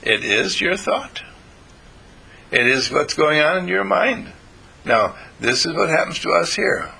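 A man's voice: fairly high pitch, very animated, measured pace, gravelly, sharp tone, breathy edge. An older man giving a folksy, meandering spiritual talk to a small group, playful and chatty.

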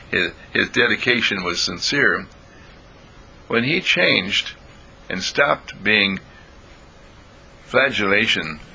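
A man giving a spiritual lecture, speaking in halting phrases with long pauses and repeating lines for emphasis. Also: fairly low pitch, bright, forceful tone, breathy edge. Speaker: spiritual teacher.

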